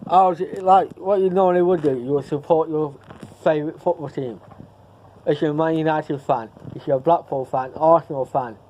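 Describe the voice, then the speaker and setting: A man's voice: a little high, normal speed, dark tone, a little hiss or hum, low-quality recording. Man rambling in a casual vlog. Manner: rambling, repeats himself, trails off. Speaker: vlogger.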